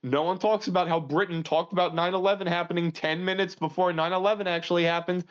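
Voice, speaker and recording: A man co-hosting a casual podcast, ranting crudely and swinging between loud outbursts and low mutters. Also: steady tone, fast talker. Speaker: podcast co-host. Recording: muffled lo-fi audio.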